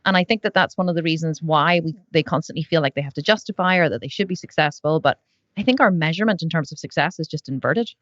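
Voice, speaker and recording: A woman's voice: deep voice, fast talker, fairly bright tone, dry recording. Woman, podcast host, thoughtful and hesitant, dull lo-fi sound. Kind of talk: casual interview.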